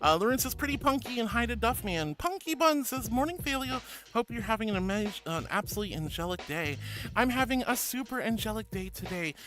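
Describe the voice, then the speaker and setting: A woman's voice: on the high side, lively intonation, brisk, a bit bright, soft background music. A woman streamer chatting with her viewers, bubbly and gushing, calling them honey and sweetie. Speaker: VTuber streamer. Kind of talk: casual chat with viewers.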